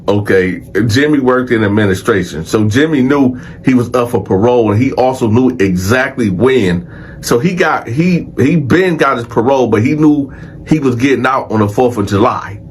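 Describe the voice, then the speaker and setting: A man casually telling a story in an animated, profane way and acting out other people's voices. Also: mid-range voice, normal speed, a little hiss or hum. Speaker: storyteller, show host.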